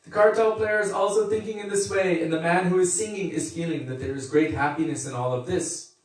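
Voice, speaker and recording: A man's voice: sits high, a little fast. A man giving a conversational devotional scripture class, laughing at times and acting out quotes. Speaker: spiritual teacher giving a class. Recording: echoey room, mic far off.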